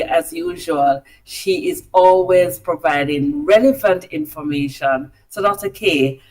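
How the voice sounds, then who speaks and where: A woman co-hosting a morning web radio health show, greeting listeners in an upbeat, lively way. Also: low voice.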